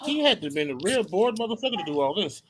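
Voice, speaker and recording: Lively co-host reading with profane asides. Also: medium pitch, fast. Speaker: co-host reader. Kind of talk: livestream storyline reading. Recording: noisy livestream audio.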